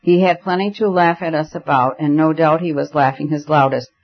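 A man's voice: on the high side, fairly even intonation, fairly quick, highs cut off. Man reading a novel in first person. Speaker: audiobook reader.

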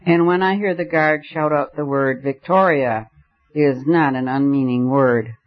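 A man's voice: mid-range voice, moderate pace, lightly acted. A man reading the part of a passionate, argumentative young male poet, declaiming his points fervently. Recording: dull lo-fi recording.

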